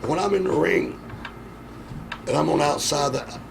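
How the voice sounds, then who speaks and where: A middle-aged man, a wrestling veteran telling profane, animated stories in a casual interview. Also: fairly high pitch, normal speed, gravelly. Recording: noisy background.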